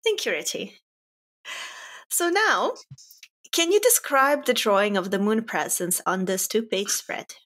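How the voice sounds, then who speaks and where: A woman's voice: medium pitch, lively intonation, measured pace, pauses often, fairly bright tone. A woman hosting a casual podcast, politely prompting her guest with questions and thanking him often. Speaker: podcast host asking questions. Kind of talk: casual interview chat.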